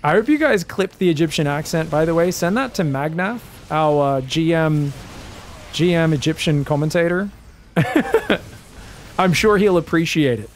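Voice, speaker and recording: A man casting a live esports match, excitable and joking, shouting out at big plays. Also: fairly high pitch, measured pace. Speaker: esports caster. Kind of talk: live game commentary.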